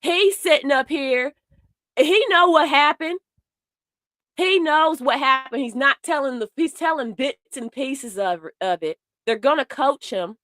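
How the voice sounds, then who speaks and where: A woman's voice: sits high, unhurried, a bit bright, no echo, clean studio sound. A woman doing heated commentary, blunt and profane, speaking straight to her viewers in a way. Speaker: commentary host. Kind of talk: casual commentary.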